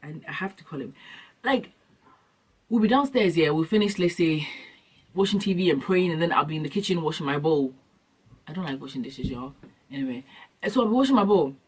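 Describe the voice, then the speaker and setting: A young adult woman vlogging, telling comic stories in an animated, slangy way and acting out scenes. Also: sits low, fairly quick, pauses often, slightly rough. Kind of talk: comic storytelling vlog. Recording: distant from the mic.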